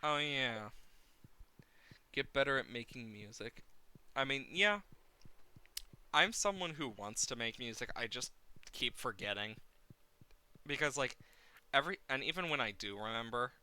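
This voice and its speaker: A man live-streaming a farming game, rambling playfully and getting excited. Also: mid-range voice, measured pace, pauses often, clean tone, no echo.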